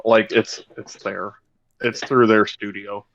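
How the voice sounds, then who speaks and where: A man's voice: lowish voice, flat delivery, slow, gravelly, a bit bright, no echo. A man hosting a podcast in a loose, rambling casual chat, swearing freely as he explains things. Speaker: podcast host. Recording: dull lo-fi sound.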